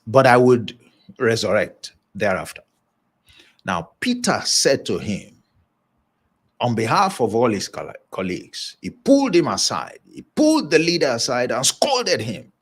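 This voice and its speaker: This is a man speaking on leadership in a motivational broadcast. His mid-pitched voice rises and falls a great deal as he preaches, and he repeats lines for emphasis. He chuckles at his own asides. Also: wildly swooping pitch, unhurried, breathy edge.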